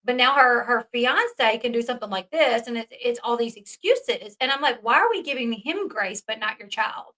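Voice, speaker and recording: Woman commentary host, bright, emphatic, casual swearing. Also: a little high, expressive, normal speed, few pauses, low-quality recording. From American South.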